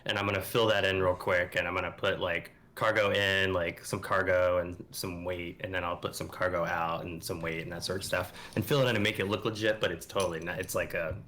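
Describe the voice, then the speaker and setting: A man's voice: sits low, little pitch movement, a little fast, few pauses, sharp tone, slight background noise. A man playing a tabletop game, easily describing what his character does. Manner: narrates his own actions, easygoing. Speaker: player. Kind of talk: casual tabletop role-play.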